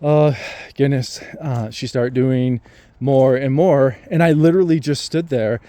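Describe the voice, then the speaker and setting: A man vlogging, telling a personal story in a reflective, hesitant way with many pauses and restarts. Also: mid-range voice, mellow, no echo.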